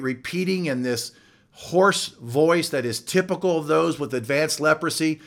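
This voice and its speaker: A man's voice: fairly high pitch, fairly bright tone. Earnest preaching man. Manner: earnest, building emphasis with slow drawn-out words. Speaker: pastor. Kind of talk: sermon.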